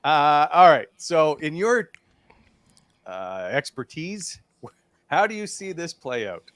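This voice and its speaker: A man's voice: a little high, sing-song, takes it slowly, a bit bright. A man hosting a sports talk interview, asking questions in a friendly, joking way. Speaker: host. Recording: dry close studio sound.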